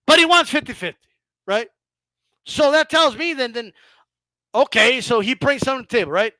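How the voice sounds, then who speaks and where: A man hosting a casual boxing talk show, ranting in an animated, profane and mocking way. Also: very high voice, fairly quick, dry recording. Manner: animated, profane, mocking, frequent laughs and "bro". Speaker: boxing commentator host.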